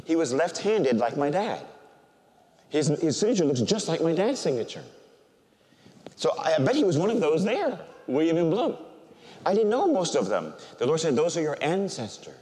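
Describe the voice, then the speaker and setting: An older man, a Catholic priest, preaching a sermon and telling a personal story with animated, emotional delivery that softens when he is moved. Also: a little high, moderate pace. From United States. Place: large church. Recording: church hall reverb.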